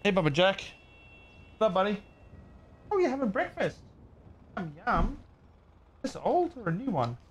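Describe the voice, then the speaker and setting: A man's voice: high-pitched, big pitch swings, normal speed, pauses often, slight background noise. A man live-streaming a roleplay game, chatting casually and using playful baby talk. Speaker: streamer and roleplay server owner.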